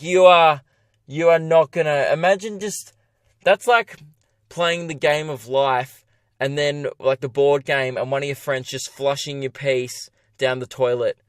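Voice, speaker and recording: A young Australian man hosting his podcast, telling a comic story in an animated, profane, self-mocking way. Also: a little high, no echo, studio quality. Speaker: comedian and podcast host.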